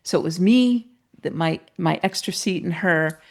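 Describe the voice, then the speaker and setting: Her voice lowish and creaky, her pace moderate, a middle-aged podcast guest recounts a personal story in an interview. She is a lively storyteller who performs the voices of the other people involved.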